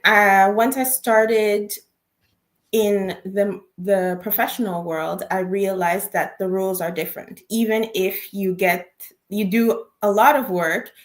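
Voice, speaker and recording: A woman career coach giving interview answers in a measured, explanatory way, often affirming with a soft mm-hmm. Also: medium pitch. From Canada.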